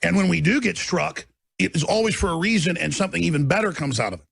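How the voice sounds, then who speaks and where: A radio talk show host, a man, delivering an impassioned on-air rant that builds into shouting. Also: fairly high pitch, expressive, fast, creaky, breathy edge. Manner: preachy, rising to shouting.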